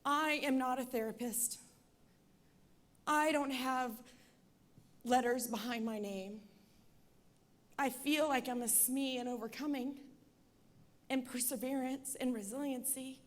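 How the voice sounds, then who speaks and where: A woman in her forties gives an earnest testimony from a stage, her voice high and clear. She speaks with steady conviction and builds to forceful appeals. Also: takes it slowly, pauses often. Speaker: speaker at an event. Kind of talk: personal testimony speech.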